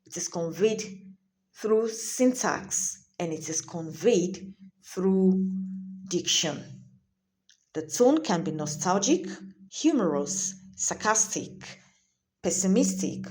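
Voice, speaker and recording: A woman's voice: on the low side, darkish tone. A woman teacher giving a lesson, explaining points carefully, repeating them and checking in with her listeners. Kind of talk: classroom lesson on literary tone.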